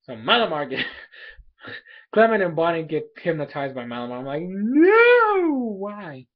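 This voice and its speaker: A young man casually recapping an anime episode in a rambling, animated way, full of fillers and quick asides. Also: fairly high pitch, highs cut off. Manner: rambling, animated, filler-heavy, laughs often.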